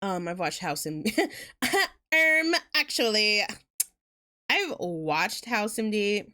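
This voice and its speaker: A woman's voice: mid-range voice, sing-song, very slow, pushed and bright. A woman streamer chatting casually while gaming, rambling through tangents and laughing often. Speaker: game streamer.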